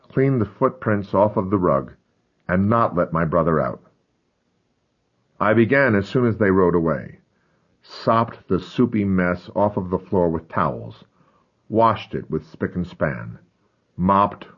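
Deep, husky male memoir narrator. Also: lo-fi sound. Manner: grave, intense storytelling. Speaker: audiobook narrator. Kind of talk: first-person memoir narration.

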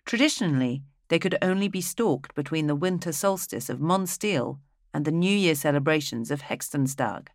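Steady fantasy audiobook narrator, dry sound. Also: medium pitch, normal speed, no echo.

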